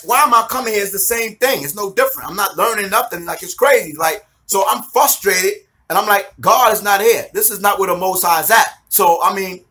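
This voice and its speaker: A man giving a personal testimony to a congregation, telling his story with lively, acted-out quotes. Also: high voice. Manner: animated storytelling, acting out his own past voices.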